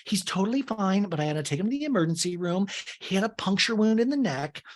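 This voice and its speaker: Guy doing a soft high young woman, reassuring, kinda matter of fact. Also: expressive, quick pace. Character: calm, soothing young woman bartender.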